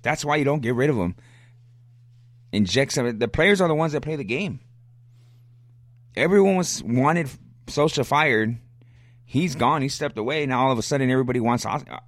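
A man's voice: medium pitch, big pitch swings, moderate pace, pauses often, no room sound. A man hosting a solo sports podcast, ranting bluntly and arguing back at listeners' questions, coughing now and then. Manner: fired-up, blunt, argumentative, repeats himself. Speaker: podcast host.

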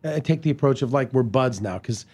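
A man's voice: medium pitch, fairly quick, husky. Man telling stories with many restarts. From Canada. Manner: lively storyteller, many restarts, slips into impressions. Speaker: podcast guest. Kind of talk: casual anecdote chat.

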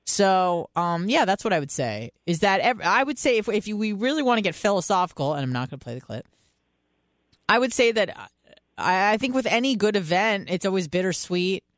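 A woman's voice: medium pitch, lively intonation, brisk, no echo. Young woman radio host, casual storyteller, frank and crude, dry studio sound. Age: 20s. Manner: candid, profane, laughing storyteller.

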